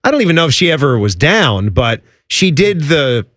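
Male sports radio co-host, lively pitch, slightly high voice, dry studio sound, joking banter. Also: dry recording. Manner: joking, animated, quick asides.

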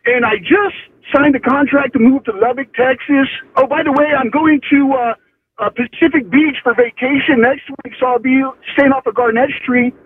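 Man, radio caller, rambling, very high voice, tinny phone line. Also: steady tone, normal speed, slight background noise. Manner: rambling, wandering.

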